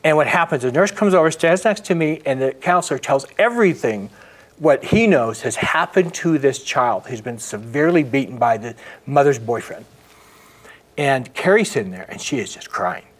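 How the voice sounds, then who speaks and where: An earnest middle-aged man speaking as an interview guest at an ordinary pitch for a man. He tells a personal story with feeling, and his voice often sinks to a near-hush. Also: animated, moderate pace. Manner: earnest, narrates with acted quotes and frequent hushed drops.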